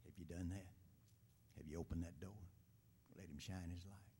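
A man dramatically reciting a poem in church, swinging from loud declarations to hushed whispers. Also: low voice, fairly even intonation, normal speed, slight background noise.

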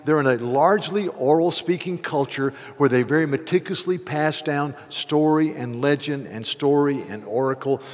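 A man preaching in a slightly high voice, retelling scripture as a loose, conversational story broken up by lively asides. His words trail off into a long reverb that fills a big hall. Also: moderate pace, hardly any pauses. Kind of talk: sermon.

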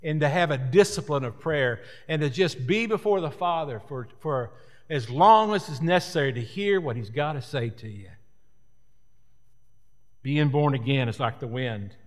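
Preacher in a reverberant hall. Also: male voice, fairly high pitch, animated, normal speed. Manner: earnest, repetitive preaching cadence. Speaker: pastor. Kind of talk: sermon.

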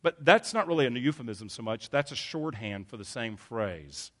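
Male pastor, sermon delivery, earnest, emphatic, self-correcting, mid-range pitch. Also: expressive, moderate pace, a bit bright.

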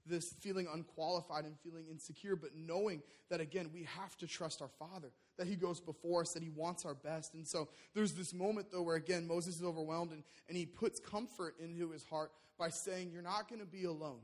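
A young man preaching a sermon, telling a personal story in a lively way with many fillers and restarts. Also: fairly high pitch, fairly quick, few pauses.

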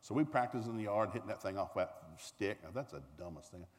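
Folksy Southern man spinning a comic yarn. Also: fast. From American South. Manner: folksy, animated, acts out voices, climbs high when excited. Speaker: storyteller. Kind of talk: comic storytelling to a live audience. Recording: reverberant hall with faint noise.

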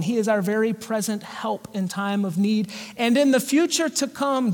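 A man preaching a sermon as pastor, earnest and slowing down on quoted scripture. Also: sits high. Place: church sanctuary. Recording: long church reverb.

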